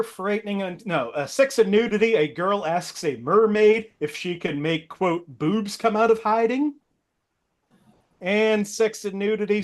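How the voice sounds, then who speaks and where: Guy with a higher voice running a movie trivia game, reads clues out and laughs a lot. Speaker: game show host. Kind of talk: hosting a movie quiz game.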